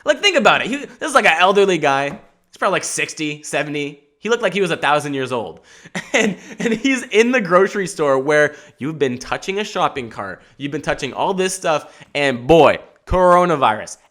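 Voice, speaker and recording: Brief: young guy, podcast host, bright, forceful voice sitting a bit high, rambling, self-mocking stand-up-style chat. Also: normal speed. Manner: animated, rambling, swears freely, self-mocking. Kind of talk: casual comedic monologue.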